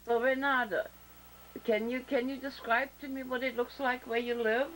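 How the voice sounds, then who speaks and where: A woman with a German accent hosting a casual interview show over a video call, talking slowly and deliberately with many fillers and restarts. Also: high-pitched, steady tone, a little hiss or hum, rough recording. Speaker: talk show host.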